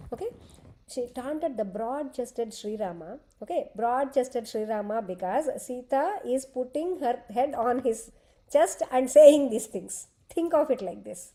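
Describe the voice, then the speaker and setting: Dark-voiced woman storyteller. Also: fairly high pitch, poor audio. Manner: patient and explanatory, with frequent "okay" fillers. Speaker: scripture storyteller teaching a class. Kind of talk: retelling an epic with commentary.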